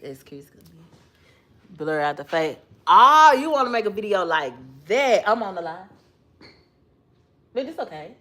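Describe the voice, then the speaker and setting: Laughing, lively-voiced woman livestreaming. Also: mid-range voice, a little slow, long pauses. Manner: laughs often, chatty, talks to someone off-mic. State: sleepy, yawning. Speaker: livestream host. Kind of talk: casual chat.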